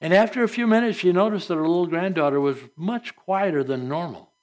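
A man's voice: sits high, a little fast, darkish tone. A man preaching a sermon at a church service, earnest and conversational, asking the congregation rhetorical questions. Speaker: pastor.

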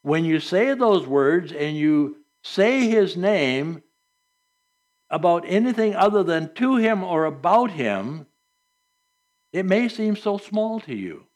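A man's voice: high-pitched, big pitch swings, takes it slowly, darkish tone. Earnest man preaching a sermon. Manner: earnest, emphatic preaching with scripture quotes.

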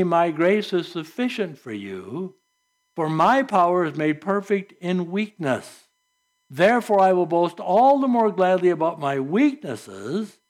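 A man preaching a sermon as pastor, reading scripture and adding earnest, conversational asides with soft laughs. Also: fairly high pitch.

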